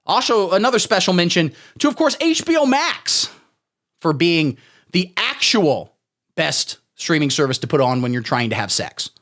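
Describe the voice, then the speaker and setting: A young man hosting a satirical solo comedy show, talking in a crude, sarcastic, deadpan way. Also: a little high, moderate pace. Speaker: podcast host.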